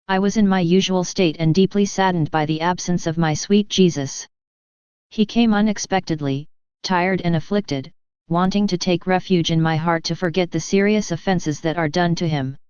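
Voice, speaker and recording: Casting: a woman reading devotional text, low and very clear, with a dull, dry lo-fi sound. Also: normal speed, a little mellow, no echo. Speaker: reader.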